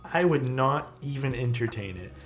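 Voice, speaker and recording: A man's voice: mid-range voice, expressive, normal speed, soft background music. A young man chatting casually with his live-stream chat while building a keyboard, laid-back and self-deprecating, reading messages aloud.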